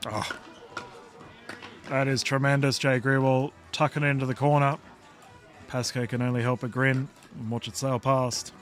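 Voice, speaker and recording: A man doing live play-by-play commentary for a sports stream, chatty with quick joking asides. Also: mid-range voice, flat delivery, soft background music.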